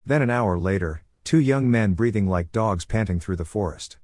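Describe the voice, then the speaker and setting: A man reading a scripted story recap in a flat, even narration style on a close mic. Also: on the low side, moderate pace, no echo.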